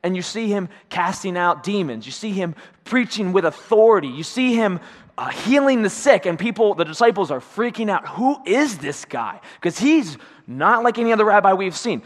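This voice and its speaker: Preaching in a church sanctuary, this pastor has a high, expressive voice and a moderate pace, and the audio carries a big-room sound. His sermon is conversational; he acts out quotes and keeps checking in with "right?".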